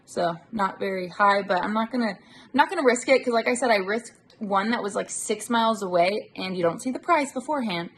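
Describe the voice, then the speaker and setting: Speaking a little fast at a medium pitch, this delivery-driver vlogger talks to her handheld phone from the car. Her chat is casual, full of irritation and free swearing, and a faint hiss or hum runs through the audio.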